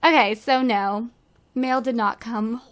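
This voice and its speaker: A woman's voice: fairly high pitch, fairly even intonation, takes it slowly, a crowd in the background. A woman casually commenting as she plays a life-sim game, bubbly and giggly as she gushes over how cute things are. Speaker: let's play host.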